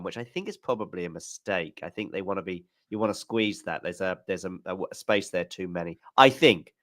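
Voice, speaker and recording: A man's voice: deep voice, fairly quick, few pauses, a bit bright, dry recording. Chatty man on a dry close mic. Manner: chatty, rambling, self-mocking. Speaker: co-host of a live tennis watchalong. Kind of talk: casual live-stream chat.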